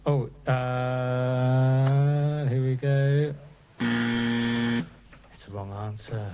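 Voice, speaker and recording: A man hosting a casual live online chat show, unhurried with frequent pauses. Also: mid-range voice, steady tone, warm tone, smooth. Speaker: show host.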